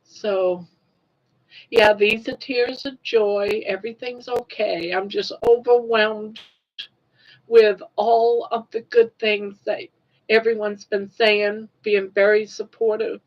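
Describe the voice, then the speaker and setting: An older woman speaks on a home livestream, crying and emotional as she thanks people. She talks slowly with a middle pitch, and the recording sounds a bit dull and lo-fi. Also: steady tone. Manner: emotional, tearful and grateful. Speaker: crochet livestreamer. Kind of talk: casual livestream chat.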